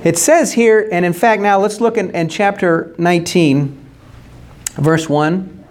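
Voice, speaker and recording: A man's voice: high voice, measured pace. A man preaching a sermon as pastor, earnestly explaining scripture and posing rhetorical questions.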